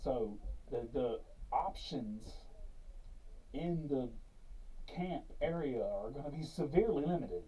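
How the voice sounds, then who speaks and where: A man's voice: mid-range voice, expressive, takes it slowly, pauses often, mellow, slightly rough. A man co-hosting a podcast, joking and laughing often in casual chat. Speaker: podcast co-host. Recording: distant mic, faint ambient noise.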